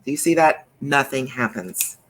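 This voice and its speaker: A woman's voice: very deep voice, expressive, moderate pace, slight background noise. A woman hosting a craft channel, chatting through a coloring demonstration in a rambling way with many fillers.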